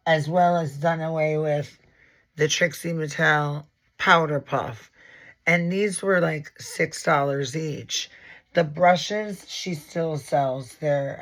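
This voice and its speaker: A man in his forties talks through his makeup routine in an unhurried, gravelly voice. He is sassy and theatrical, trailing off into asides and cursing casually. He sounds like a seasoned makeup educator chatting to his viewers. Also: a little high, a bit bright. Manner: sassy, dramatic, rambling, full of asides and swearing. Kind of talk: casual makeup tutorial vlog.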